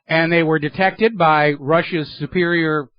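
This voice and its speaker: A man's voice: a little high, steady tone, unhurried, no echo, highs cut off. A man hosting a political talk radio show, delivering an emphatic, sardonic monologue into a studio microphone.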